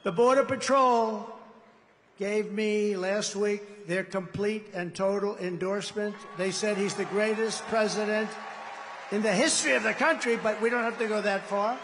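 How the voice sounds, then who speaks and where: A man's voice: high-pitched, steady tone, normal speed, fairly bright tone, slight background noise. A man giving a rambling, boastful rally speech as a political candidate in a large indoor arena. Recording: long arena reverb.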